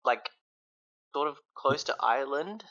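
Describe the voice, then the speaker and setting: Man from australia, guest, relaxed chat, bright voice, muffled line. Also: medium pitch, unhurried. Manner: relaxed, chatty, hedging with ums. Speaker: podcast guest. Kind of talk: casual podcast chat.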